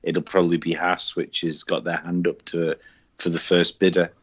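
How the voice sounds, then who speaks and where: A man's voice: deep voice, level tone, normal speed, a bit bright, husky, lo-fi sound. A man chatting casually on a podcast, musing and asking questions. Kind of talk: casual chat.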